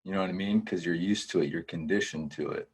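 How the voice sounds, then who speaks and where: A man's voice: low voice, fast, breathy edge. A man speaking as a podcast guest in casual conversation, earnest and reflective.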